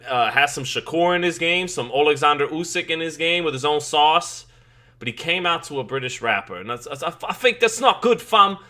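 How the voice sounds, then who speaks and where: This live-stream boxing host, a man in his thirties, keeps things chatty at his watch party, welcoming chat members by name and frequently starting over mid-thought. He has a fairly high, bright, forceful voice.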